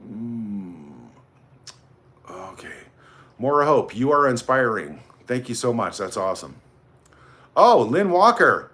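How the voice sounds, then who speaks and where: A man's voice: medium pitch, big pitch swings, takes it slowly, pauses often, fairly bright tone, a little hiss or hum. Chatty man hosting a livestream. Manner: chatty, rambling, greets viewers by name. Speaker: livestream host. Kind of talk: casual livestream chat, reading out viewer comments.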